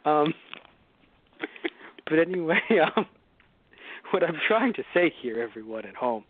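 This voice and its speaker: A man co-hosting a casual podcast, talking in an animated, rambling way and swearing a lot. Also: on the high side, unhurried, no echo, narrow, tinny audio. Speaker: podcast co-host.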